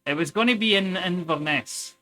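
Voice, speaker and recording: A man's voice: high-pitched, normal speed, pushed and bright. A Scottish man telling rambling stories in casual stream chat. He swears a lot and tinkers with something as he talks. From Scotland. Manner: sweary, chatty, tells stories while tinkering. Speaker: livestreamer.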